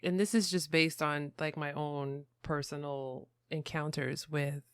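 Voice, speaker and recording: A woman hosting a podcast interview, asking thoughtful questions in an unhurried way. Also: sits low, fairly even intonation, clean tone, no room sound, studio quality. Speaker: podcast host. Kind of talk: conversational interview.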